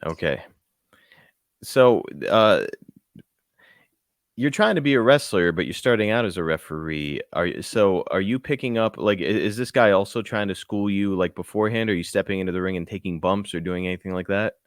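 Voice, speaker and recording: A man's voice: low voice, lively intonation, normal speed, no room sound, studio quality. A man co-hosting a podcast who asks curious, laid-back follow-up questions in a casual interview.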